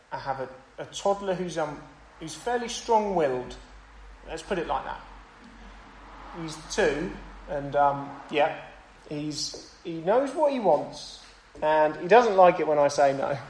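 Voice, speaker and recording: A young man preaching a sermon and praying, earnest and conversational, with pauses and small restarts. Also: a little high, darkish tone, low-quality recording. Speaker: pastor. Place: church.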